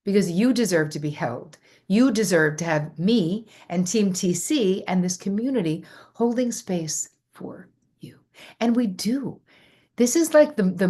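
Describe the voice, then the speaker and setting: A woman's voice: medium pitch, a little mellow. A middle-aged woman hosting a live workshop, reading out viewer comments and answering them with effusive enthusiasm. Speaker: host.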